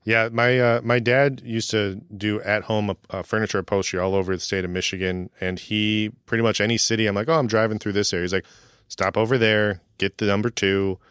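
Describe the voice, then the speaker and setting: A man co-hosting a podcast, telling relaxed anecdotes in casual chat. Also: on the low side, a little fast, clear, resonant tone, dry recording, clean studio sound. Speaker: podcast co-host.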